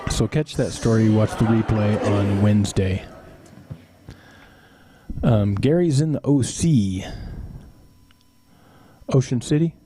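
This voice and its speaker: A man's voice: lowish voice, slow, long pauses, noisy background. A middle-aged man hosting a live stream, chatting casually with viewers and telling rambling family stories with chuckles and teasing asides. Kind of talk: casual storytelling to chat.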